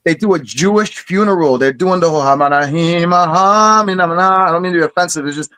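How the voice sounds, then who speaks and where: Hyped-up guy ranting about cartoons, kinda high voice, cusses a lot. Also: very fast, low-quality recording. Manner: excited, swearing, storytelling. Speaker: podcast host. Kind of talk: casual chat.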